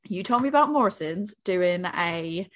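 A woman co-hosting a podcast, chatting casually and acting out quotes as she tells animated stories. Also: fairly low pitch, normal speed, a little hiss or hum. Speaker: podcast co-host. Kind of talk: casual chat.

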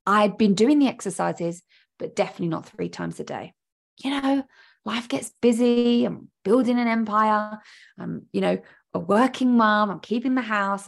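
A woman's voice: mid-range voice, gravelly, slightly rough. A woman podcast host telling a personal story in a chatty, candid way, stressing words by repeating them. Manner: chatty, candid, emphatic repetition.

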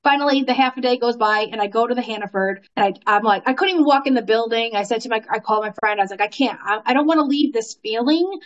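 A woman telling a long story in casual conversation, animated, laughing often and using lots of fillers. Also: a little high, very fast, few pauses, dull audio. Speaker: guest.

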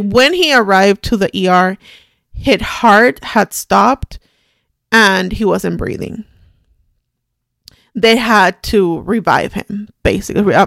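A middle-aged woman hosting a podcast, telling a personal story in a halting, quiet, shaken way with many restarts. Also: mid-range voice, dry recording, clean studio sound. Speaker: podcast host.

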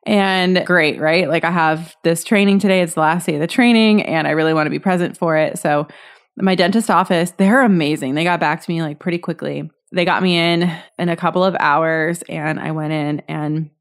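A woman in her thirties talks straight to her listeners in a solo podcast episode. Her voice sits a little low, and she rambles candidly, full of "like" and self-corrections. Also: steady tone, moderate pace. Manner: candid, chatty, many fillers and restarts. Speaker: podcast host.

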